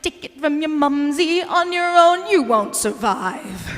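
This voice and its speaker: In a live cabaret with a big-room sound, a woman sings and speaks as a possessive, manipulative middle-aged mother, guilt-tripping with theatrical drama. Her voice is high-pitched and animated, her pace a little slow.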